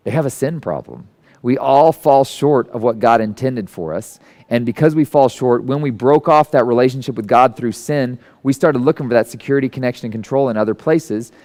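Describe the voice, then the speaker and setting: A man giving a conversational sermon who tells stories and acts out the people in them with sudden jumps into a high voice. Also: a little mellow. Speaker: guest speaker. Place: church hall.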